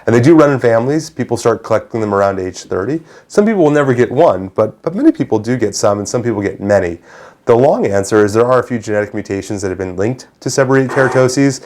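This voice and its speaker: A man's voice: mid-range voice, expressive, fast, darkish tone. A man co-hosting a casual dermatology chat, explaining treatments fluently with a teasing edge. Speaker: dermatologist co-host.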